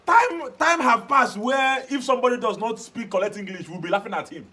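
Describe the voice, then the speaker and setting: A man from Nigeria with a high voice, speaking earnestly on a studio panel. He agrees warmly and presses his own point. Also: fairly quick, breathy edge. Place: television studio.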